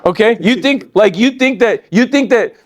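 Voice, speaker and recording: Fortyish male trainer, voice sits a bit high, lively and joking, addresses the room directly. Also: moderate pace. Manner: animated, joking, laughs often, talks straight to the room. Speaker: sales team trainer. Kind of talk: live training talk to an audience.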